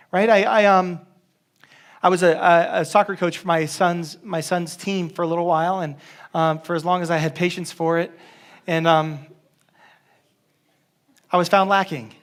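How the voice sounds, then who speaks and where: A man's voice: high-pitched, normal speed. A man preaching a casual, joking sermon as a pastor, with many restarts.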